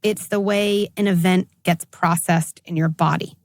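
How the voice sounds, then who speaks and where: A middle-aged woman psychologist giving candid interview answers, animated when she acts out what others say. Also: fairly low pitch, unhurried, dry recording. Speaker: psychologist guest.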